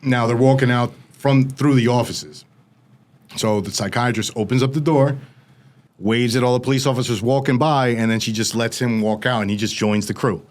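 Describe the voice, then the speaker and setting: Male podcast guest, middle pitch, vivid casual storyteller, studio mic. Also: fairly even intonation, normal speed. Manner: vivid storytelling with frequent "like" fillers. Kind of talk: recounting a personal story.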